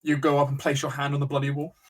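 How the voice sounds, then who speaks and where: A young man as dungeon master, narrating a tabletop game in a measured way with small restarts. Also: mid-range voice, monotone, rough recording.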